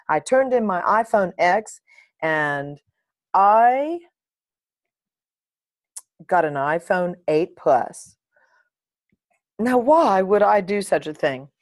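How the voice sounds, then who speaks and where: In a casual talking-to-camera monologue, a middle-aged vlogger addresses her audience directly in a lowish, slightly slow voice. She tells a lively, animated story packed with asides and occasional playful swearing. The sound is close and dry, without any room sound or echo.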